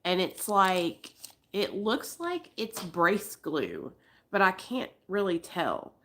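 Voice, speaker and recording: A woman's voice: on the low side, sing-song, slow, fairly bright tone, a little hiss or hum. Blunt, profane woman in her forties. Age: 40s. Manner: blunt and profane, talking straight to viewers; breaks off to coax her dogs in a sing-song voice. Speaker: livestream host. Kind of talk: casual live-stream commentary.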